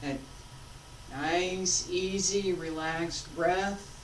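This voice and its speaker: A woman teaching a martial arts class, calmly coaching breath and movement and repeating cues. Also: lowish voice, very slow. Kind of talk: class instruction while practicing. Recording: roomy, from a distance with faint noise.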